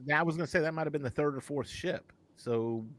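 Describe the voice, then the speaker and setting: A man co-hosting a casual live show, talking in an animated, rambling way and often correcting himself mid-sentence. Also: a little high, fast. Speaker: podcast co-host.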